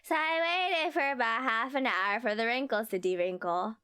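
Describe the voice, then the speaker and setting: A woman's voice: on the high side, normal speed, pushed and bright, clear, resonant tone. Woman doing a nerdy hooved party animal. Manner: nerdy, nasal put-on voice.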